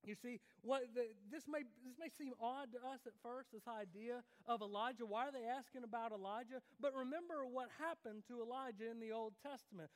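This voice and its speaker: A man preaching a sermon in a conversational way, often checking in with the congregation. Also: very high voice. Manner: conversational preaching with frequent "right?" asides to the congregation. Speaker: pastor. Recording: long reverb of a large hall.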